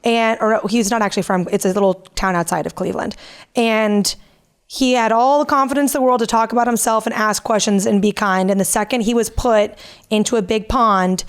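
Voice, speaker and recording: A woman's voice: medium pitch, fairly quick, clean tone. A woman in her thirties, co-hosting a podcast, telling a story in casual chat and acting out what people said. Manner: animated storytelling, acting out quotes. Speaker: podcast co-host.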